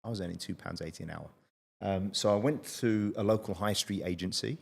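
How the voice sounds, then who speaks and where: A man in his late forties, hosting a podcast interview and telling stories in a lively, chatty way. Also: fairly low pitch, a little fast, vocal fry. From United Kingdom. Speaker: podcast host. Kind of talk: casual interview chat.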